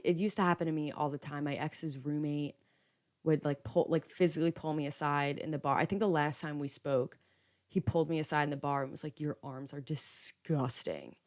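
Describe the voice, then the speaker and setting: A young woman with a notably low-pitched voice hosts a casual podcast monologue. She talks in a loose, chatty way, filling her sentences with "like" and slipping into quoted dialogue as she retells what happened. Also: a little mellow. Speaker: podcast host.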